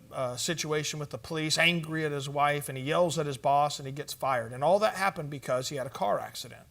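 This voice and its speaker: Guy teaching at a church conference, kinda high voice, chatty storytelling, lots of um and you know. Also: a bit bright. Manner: conversational storytelling with fillers and asides. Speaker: conference speaker.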